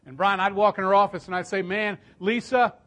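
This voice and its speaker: High-voiced, emphatic middle-aged preacher man. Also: little pitch movement, racing. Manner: emphatic, swelling louder and higher at key points. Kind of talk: storytelling sermon.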